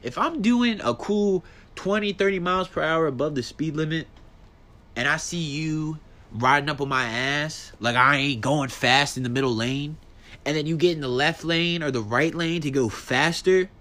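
Profane, animated man ranting on his podcast. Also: moderate pace. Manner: animated, profane, ranting, voice jumps high when worked up. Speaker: podcast host. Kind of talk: solo casual podcast rant.

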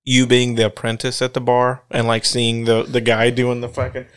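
Man, smooth clear voice, casual podcast banter, curious, joking. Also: mid-range voice, monotone, normal speed. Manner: laughing, curious, riffing questions. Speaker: podcast co-host. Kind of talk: casual chat.

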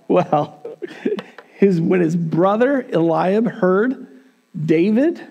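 A man's voice: sits high, animated, takes it slowly, pauses often, warm tone. A male pastor telling a Bible story in a casual, conversational sermon with humorous asides. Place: church.

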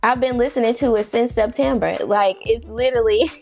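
A woman hosting a podcast in casual chat, chatty and quick to laugh, drawing out her phrases. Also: a little high, gravelly, a little mellow, faint music behind. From not from the US East Coast. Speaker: podcast host.

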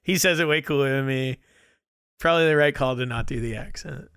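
A man's voice: mid-range voice, fairly quick, fairly bright tone, smooth, no echo. Laid-back man, dry close sound. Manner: laid-back, swears freely. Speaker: podcast co-host. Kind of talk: casual chat.

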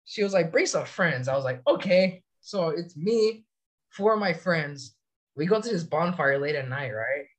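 Young soldier from California, slightly high voice, swearing storyteller, loose casual chat. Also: male voice, expressive, moderate pace. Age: young adult. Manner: profane, rambling storytelling. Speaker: soldier podcast guest.

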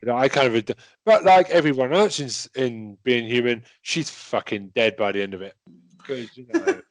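A man's voice: medium pitch, moderate pace, no room sound. A man chatting casually as a podcast co-host, rambling with many fillers and swearing freely. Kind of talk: casual chat.

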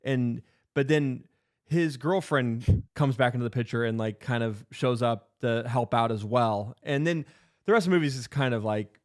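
A man's voice: mid-range voice, normal speed, darkish tone. Rambling man recapping a movie. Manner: rambling, many fillers and restarts. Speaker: podcast co-host.

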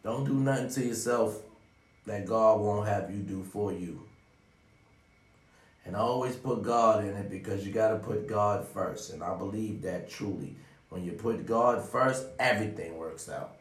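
A man with a lowish voice giving a rambling, profanity-laced motivational talk to his audience. He sounds like he is sitting back from the mic in an echoey room. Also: a little slow, distant mic. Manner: preachy, profane, repeats "ladies and gentlemen". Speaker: vlogger giving life advice. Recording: roomy sound, away from the mic.

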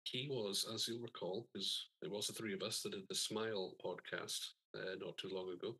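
A man's voice: on the low side, fairly even intonation, moderate pace, pushed and bright, husky, rough recording. A man co-hosting a film podcast in casual chat, with dry, wry asides. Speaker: podcast co-host.

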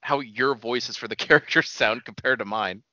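A man co-hosting a podcast in relaxed, joking chat, swearing casually now and then. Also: mid-range voice, moderate pace, dry recording, muffled recording. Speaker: podcast co-host.

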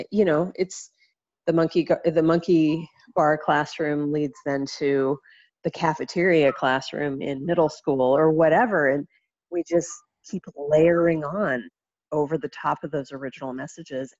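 A woman in casual conversation, speaking reflectively about childhood and family messages, pausing and restarting often. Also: low voice, a little mellow, dry recording, highs cut off. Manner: reflective, halting, many restarts and fillers.

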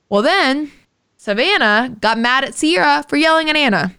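With a voice that sits high and a moderate pace, a woman co-hosting a podcast spins an animated, profanity-heavy story in relaxed conversation.

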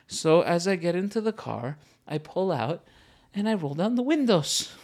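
A man from the New York and New Jersey area, co-hosting a podcast and telling a comedic story with animated, profane delivery. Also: high voice, normal speed. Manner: animated, profane, acts out shouting exchanges. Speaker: podcast co-host.

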